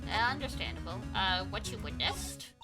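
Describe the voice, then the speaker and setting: A woman's voice: mid-range voice, animated, normal speed, over loud music, voice pushed down, natural voice. A woman voicing a flustered young lawyer. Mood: wary. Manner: flustered, earnest. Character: earnest young male defense lawyer.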